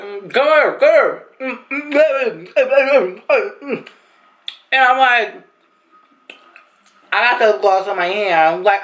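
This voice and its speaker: A young woman recounting a story to her viewers, talking in a lively, slang-heavy, profane storytime style. Her voice sits at an ordinary middle pitch and her delivery is chatty and unfiltered. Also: low-quality recording. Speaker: vlogger. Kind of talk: storytime vlog.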